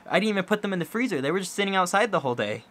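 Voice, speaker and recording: A man's voice: high-pitched, expressive, very fast, a bit bright. A young man from Kansas chatting casually for his vlog, rambling and joking. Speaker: vlogger.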